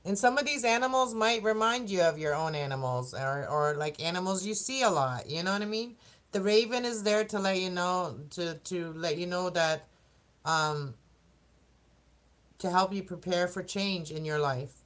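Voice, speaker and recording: Speaking at a normal speed in a voice on the low side, a woman reads oracle cards for the zodiac signs in a casual, talkative way. She wanders off topic, laughs often, and frequently trips over her words.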